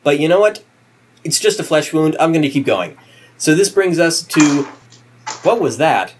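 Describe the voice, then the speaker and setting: A man's voice: fairly high pitch, animated, normal speed, a little hiss or hum. A man hosting a casual podcast, joking in a playful, self-deprecating way. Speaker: podcast host.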